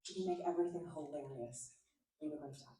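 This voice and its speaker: A woman in her forties answering on a convention panel, warm and enthusiastic as she praises a co-star. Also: low voice, fast. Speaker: panel guest. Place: large convention hall stage. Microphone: handheld mic through PA, filmed from front row. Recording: echoey hall from far off, crowd.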